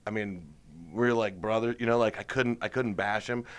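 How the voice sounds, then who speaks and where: A man's voice: fairly low pitch, steady tone, moderate pace, clear, resonant tone. A man being interviewed as a stand-up comedian, telling rambling jokey stories in casual chat. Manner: joking, rambling storyteller.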